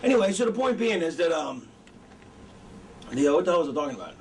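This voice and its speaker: A man's voice: a little high, sing-song, fast, darkish tone. A middle-aged man and wrestling trainer teaching in a casual, profane, rambling way, often losing his train of thought. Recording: distant mic, faint background noise.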